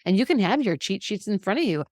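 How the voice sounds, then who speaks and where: A middle-aged woman giving an animated, encouraging faith-based health lesson, laughing often. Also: medium pitch, fast talker, no room sound, clean studio sound. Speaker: health educator. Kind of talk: faith-based teaching talk.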